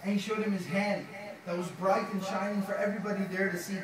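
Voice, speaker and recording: Fast-talking preacher man in an echoey hall. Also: high voice, crowd noise. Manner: dramatizing quotes with lively retellings; recites Quranic verses in Arabic. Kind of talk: sermon. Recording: very echoey hall, mic far off.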